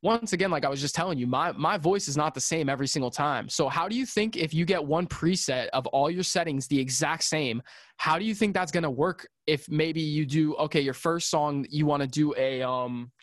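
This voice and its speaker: A man's voice: a little high, fairly quick, no echo, studio quality. A man talking as a podcast guest about audio engineering, in casual chat that rambles with many fillers and restarts and turns emphatic.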